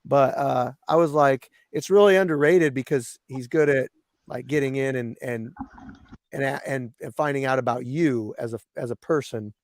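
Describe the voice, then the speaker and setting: A man's voice: mid-range voice, normal speed, no room sound, clean studio sound. A man from Washington State hosting a casual podcast chat, rambling with many fillers and restarts. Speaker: podcast host.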